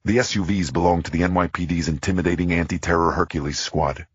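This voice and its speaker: Audiobook narrator, man, extremely deep husky voice, tense thriller read. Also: fairly even intonation, no echo, dull audio. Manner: tense, measured. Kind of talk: first-person scripted thriller narration.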